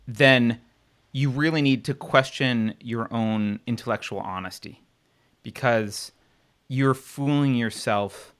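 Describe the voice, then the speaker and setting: A blunt, emphatic man co-hosts a political talk show, dropping in filler ums as he makes his points. His voice is bright and forceful, at a middle pitch for a man. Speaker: co-host.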